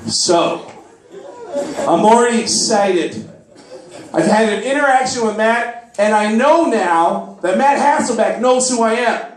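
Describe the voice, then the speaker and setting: A man doing stand-up storytelling in a comedy club, excitable and profane, acting out the voices of the people in his story. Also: high voice, a little slow, a faint crowd. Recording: echoey club, mic heard from a distance.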